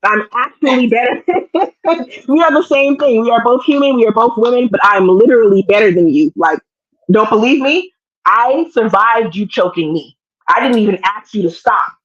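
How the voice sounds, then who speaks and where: Animated woman recapping a TV show. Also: on the high side, normal speed, dull audio. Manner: animated, acts out scenes in shifting voices. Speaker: show co-host. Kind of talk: casual TV recap chat.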